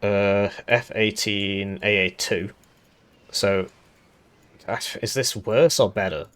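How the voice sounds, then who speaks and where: A man with a hoarse, slightly low voice talks through a strategy game review in a loose, rambling way. He thinks aloud, restarts sentences and fills pauses as he goes. It sounds like a casual voice-over recorded at a desk mic. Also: fairly even intonation, fairly bright tone. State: raspy voice. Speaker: gaming YouTuber reviewing a devblog.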